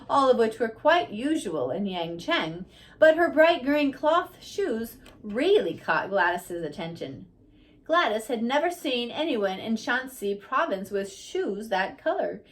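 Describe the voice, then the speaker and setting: Lady reading a biography out loud, steady, slightly high voice. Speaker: audiobook reader.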